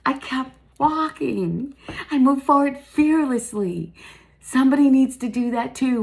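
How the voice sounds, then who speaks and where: A woman gives a casual spiritual tarot reading, chatty and emphatic, with lively swings in pitch. She laughs often and swears now and then.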